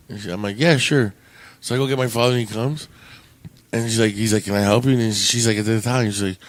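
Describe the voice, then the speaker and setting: A man's voice: fairly low pitch, steady tone, quick pace, dry recording. Rambling, profane male storyteller. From Canada. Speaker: podcast co-host. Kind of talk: casual storytelling chat.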